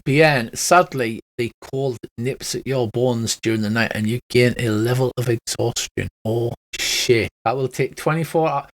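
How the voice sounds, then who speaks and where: A man's voice: mid-range voice, a little slow, few pauses. Man running a tabletop game. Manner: rambling, relaxed, with many fillers. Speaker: game master.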